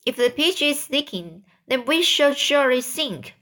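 A woman's voice: very animated, measured pace, fairly bright tone, heavily acted. A woman reading aloud as a timid, frightened male earthworm from a storybook. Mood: fearful. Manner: anxious and shrill.

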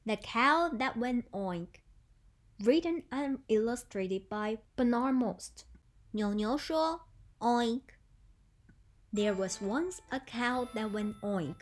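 A woman teacher, telling a story to children in a playful, animated way with animal sounds. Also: a little high. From Taiwan. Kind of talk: bilingual storytelling lesson for children.

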